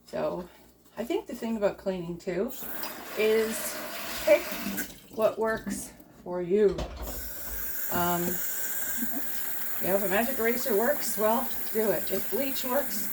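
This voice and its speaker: Slowly and with long pauses, a middle-aged cleaning vlogger in a mid-range voice chats encouragingly at her kitchen sink and laughs often. The recording is noisy with loud dishes, pots clattering and running water.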